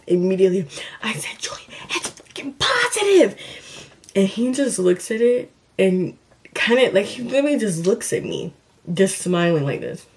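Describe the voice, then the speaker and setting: A young woman vlogger retelling a personal story in a chatty, dramatic way, full of "like" and quick asides. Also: fairly low pitch, a little mellow, a little hiss or hum. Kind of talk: storytime vlog.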